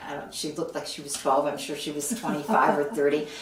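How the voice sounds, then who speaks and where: A woman's voice: deep voice, a little fast. A woman from Buffalo, New York, telling a story as an interview guest, acting out the voices of the people in it. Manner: animated, acts out quoted voices. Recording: roomy echo, mic at a distance, faint background noise.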